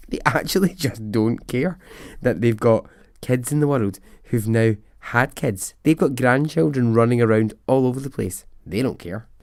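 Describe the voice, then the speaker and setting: A man's voice: medium pitch, animated, unhurried, dry recording, studio quality. A man hosting a podcast, casually telling a story in a chatty, wry way and laughing at his own asides. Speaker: podcast host.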